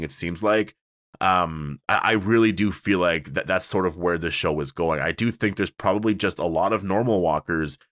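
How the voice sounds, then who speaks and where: A man's voice: low-pitched, fairly bright tone, dry recording, studio quality. A man casually reviewing a TV episode on his own, rambling with many fillers and restarts. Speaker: TV show reviewer.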